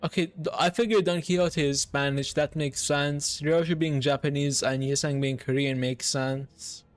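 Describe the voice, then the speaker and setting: Excitable high-voiced male game streamer. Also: moderate pace, soft background music. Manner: excitable, swears casually, talks to chat. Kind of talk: casual live-stream chat while gaming.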